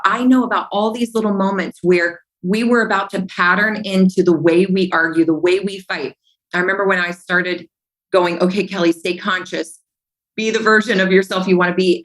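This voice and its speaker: A woman's voice: mid-range voice, low-quality recording. A woman speaking as a podcast guest, telling stories with animation, acting out past conversations and driving her points home by repeating phrases. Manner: animated storyteller who acts out remembered dialogue.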